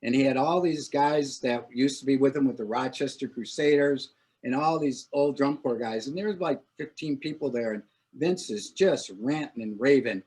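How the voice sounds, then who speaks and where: An older man telling animated anecdotes in a casual talk, acting out what people said. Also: medium pitch, normal speed, slightly rough. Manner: animated anecdote teller, acts out quotes. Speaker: longtime corps director. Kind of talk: casual storytelling.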